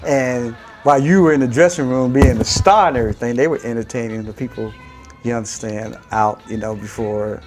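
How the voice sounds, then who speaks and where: A man in an interview explaining forcefully how things worked. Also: medium pitch, a little fast, faint music behind. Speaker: interviewee, musician.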